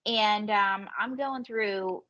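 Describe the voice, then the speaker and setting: A woman comedian and ventriloquist telling lively, swearing anecdotes as a podcast guest. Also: medium pitch, muffled recording. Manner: animated storyteller, swearing, quick quoted voices. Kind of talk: casual podcast storytelling.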